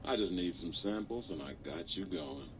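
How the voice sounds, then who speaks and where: An actor voicing a lewd, smooth-talking male plant research machine in a game, crooning innuendo and calling the listener baby. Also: deep voice, animated, normal speed, slight background noise. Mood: sleazy.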